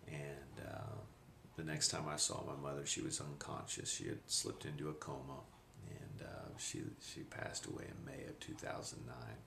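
Middle-aged man, very low gravelly voice, halting personal testimony, echoey camcorder audio. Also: expressive, noisy background. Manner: reflective, halting with pauses. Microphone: handheld camcorder.

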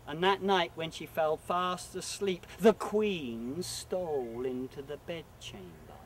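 A man telling folk tales live, with a slow, deliberate pace and a lively, swooping delivery. His voice is distant and roomy, with faint ambience behind. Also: fairly high pitch, a little hiss or hum. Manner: dramatic, animated, with sudden loud bursts and hushed drops. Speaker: professional storyteller. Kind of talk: live storytelling performance. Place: live stage venue. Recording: echoey live venue, distant mic.

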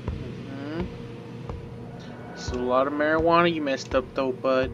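A man narrating a horror game as he plays, nervous and joking, talking to the monster to calm it. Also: mid-range voice, measured pace. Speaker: gaming video creator. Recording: dull lo-fi with loud background noise.

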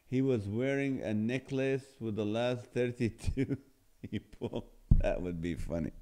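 A man's voice: mid-range voice, warm tone. Playful, laughing male live-stream host. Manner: laughs often, jokey and playful. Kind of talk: casual live-stream chat reading viewer comments.

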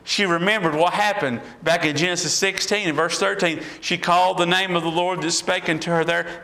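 A bright, high-pitched man preaching a sermon. He leans on repeated questions to the congregation, his voice rising and pressing harder as he drives his point home. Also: moderate pace, few pauses, rough recording. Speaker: pastor.

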